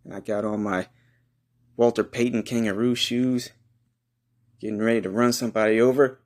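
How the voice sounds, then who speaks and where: A man hosting a comedy podcast, giving a crude, boastful hype monologue full of rowdy trash talk and loud whoops. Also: fairly low pitch, little pitch movement, normal speed, long pauses.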